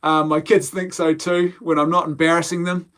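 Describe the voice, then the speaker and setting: A man's voice: fairly high pitch, level tone, moderate pace, a bit bright. A man hosting a casual live podcast, reading viewer comments aloud, rambling and laughing often. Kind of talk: casual live-stream chat.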